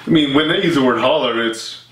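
A man's voice: mid-range voice, fairly quick. Easygoing Texan man, co-host; far from the mic, with audible background hiss. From East Texas. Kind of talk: casual chat. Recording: echoey room, mic at a distance, hissy.

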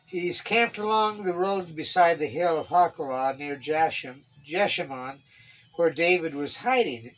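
A man's voice: a little high, fairly bright tone, poor audio. A man reading a Bible story aloud to children, lifting his voice for the characters and adding wry comments between passages. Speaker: kids' Bible class teacher. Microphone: online stream mic.

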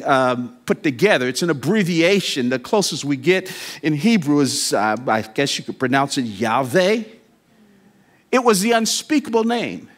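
A man preaching a sermon in a church, slowing down to stress key words, adding wry asides, and building to emphatic declarations. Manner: builds from quiet, slow reflection to high, emphatic declarations. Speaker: guest preacher. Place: church sanctuary.

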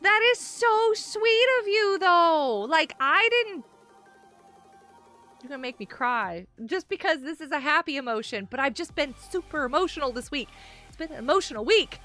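A woman live-streaming a game, chatting excitably with viewers, greeting them by name and often laughing and gasping. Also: high-pitched, normal speed, faint music behind. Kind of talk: live-stream gameplay chat.

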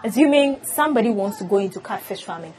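A woman's voice: medium pitch, expressive, quick pace, darkish tone, rough recording. A woman from Ghana hosting an interview, asking questions and giving frequent short affirmations. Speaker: interviewer, host.

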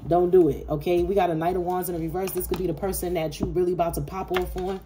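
A woman's voice: fairly low pitch, steady tone, fast, noisy background. A woman giving a casual tarot reading to her viewers, talking bluntly and swearing freely. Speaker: tarot reader.

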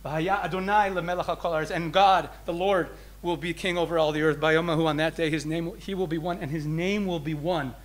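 High-voiced rabbi teaching a crowd. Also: male voice, steady tone, fairly quick, hardly any pauses. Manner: explanatory, swings between emphatic and soft. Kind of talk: teaching talk to an audience.

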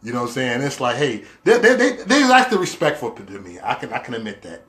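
A man's voice: medium pitch, huge pitch swings, a little fast, a bit bright. A man hosting a casual livestream, chatting with viewers in a playful, teasing way, laughing often and using loose slang fillers. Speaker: livestream host. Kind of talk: casual livestream chat reading viewer comments.

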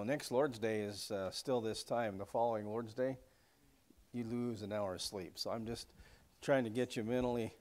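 A man's voice: lowish voice, a little mellow. A man leading a casual church Bible class in a folksy, rambling way, with many fillers and asides. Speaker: Bible study teacher.

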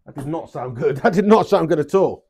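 Here the darts streamer's voice is fairly high and fairly quick, with vocal fry and a little hiss or hum in the recording. Swearing freely, he talks to viewers and lets out excited outbursts at each throw.

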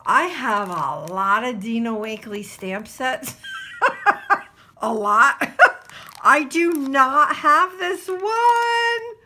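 A woman from New Jersey chatting casually to her camera as she unboxes craft supplies, gushing and excited, with lots of fillers. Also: on the high side. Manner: gushing and excitable, full of exclamations. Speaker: craft vlogger.

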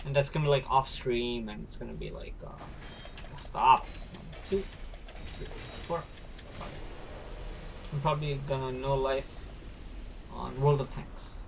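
A young man streaming a video game, chatting with his viewers as he plays and breaking into shouts and high laughter at what happens on screen. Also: fairly even intonation, moderate pace, gravelly, long pauses, a little hiss or hum. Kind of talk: casual gaming livestream chat.

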